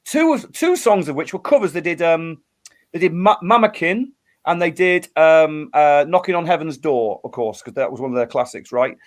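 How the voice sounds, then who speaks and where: Animated man telling a story. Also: a little high, moderate pace. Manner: animated storyteller, acts out quotes, many restarts. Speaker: guest musician. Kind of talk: storytelling in a casual interview.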